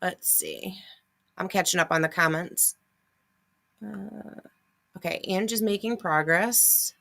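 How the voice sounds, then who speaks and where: A woman's voice: on the low side, slow pace, creaky, pushed and bright. A middle-aged woman hosting a casual livestream, chatting through a list of grocery deals and answering viewer comments. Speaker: host of a couponing livestream.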